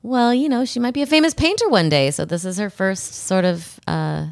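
A woman's voice: mid-range voice, normal speed, creaky, no room sound, clean studio sound. Chatty rambling middle-aged woman co-host. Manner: chatty, rambling, many "like" fillers. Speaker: podcast co-host. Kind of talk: casual podcast banter.

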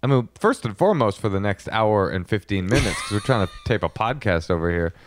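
A man's voice: on the low side, lively intonation, a little fast, a little hiss or hum. A man co-hosting a podcast, chatting casually and joking in a playful, exaggerated way. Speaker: podcast co-host. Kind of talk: casual comedic chat.

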